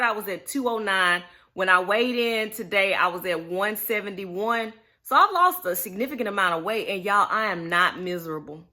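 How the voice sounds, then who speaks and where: Chatty Mississippi woman, bright voice. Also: medium pitch. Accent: Mississippi Southern. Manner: chatty and folksy, addresses viewers as y'all. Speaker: vlogger. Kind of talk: unscripted casual chat to viewers.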